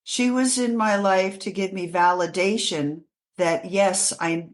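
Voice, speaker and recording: A woman from New York City, an author being interviewed, telling her life story in a halting way with many restarts. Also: medium pitch, steady tone.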